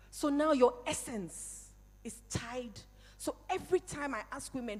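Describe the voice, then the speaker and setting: A woman's voice: fairly high pitch, lively intonation, unhurried, a little mellow. Woman, 40s or older, motivational speaker, emphatic, addresses audience, long reverb from the hall. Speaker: speaker at a live event. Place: event hall.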